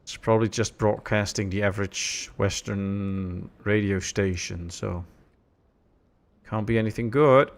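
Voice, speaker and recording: Gravelly man chatting through a stream. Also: on the low side, a little slow. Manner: relaxed, chatty, reads out chat messages. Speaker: streamer playing a city builder. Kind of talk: casual live-stream commentary.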